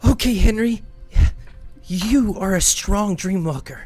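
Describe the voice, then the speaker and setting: Man voicing an excitable young boy, high, eager, insistent, tabletop game. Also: takes it slowly, faint music behind.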